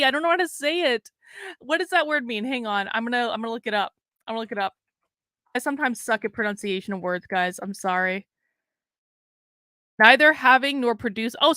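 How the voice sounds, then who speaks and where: A woman's voice: mid-range voice, sharp tone, clean tone, no echo, clean studio sound. A woman hosting a casual political commentary livestream, talking frankly and bluntly to her chat and swearing now and then. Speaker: livestream host.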